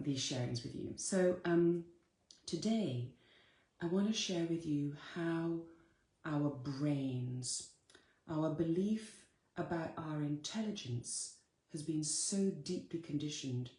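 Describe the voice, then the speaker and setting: A woman's voice: sits low, warm tone, echoey room. A woman giving a live-streamed motivational talk, earnest and direct, repeating her key phrases to her listeners. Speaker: spiritual coach.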